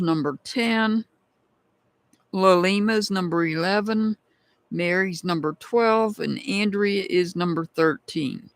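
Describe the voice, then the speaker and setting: A woman's voice: fairly low pitch, no room sound. A woman hosting a tarot live stream, chatting casually and calling out viewers by name as she thanks them.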